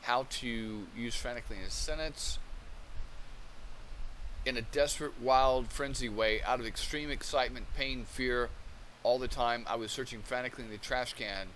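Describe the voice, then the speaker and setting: A man's voice: medium pitch, moderate pace, fairly bright tone, slight background noise. A man hosting a channel, reading definitions and transcripts aloud and thinking them through, with frequent restarts. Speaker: channel host. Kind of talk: casual commentary, reading aloud.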